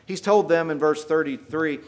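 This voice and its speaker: A man preaching a sermon, retelling scripture dramatically with folksy paraphrase and getting louder on the quoted lines. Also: a little high, normal speed. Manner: emphatic, rises in volume for quoted lines.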